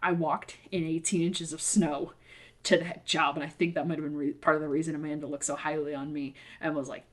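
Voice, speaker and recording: A woman's voice: deep voice, little pitch movement, fairly quick. A woman co-hosting a podcast in casual chat, rambling through anecdotes and swearing freely, recorded in a half-unpacked apartment. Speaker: podcast co-host.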